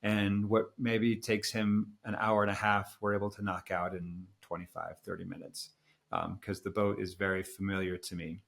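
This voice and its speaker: A middle-aged man co-hosting a podcast, telling a travel story in a relaxed, rambling way. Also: fairly low pitch, normal speed, creaky. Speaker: podcast co-host. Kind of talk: casual storytelling chat.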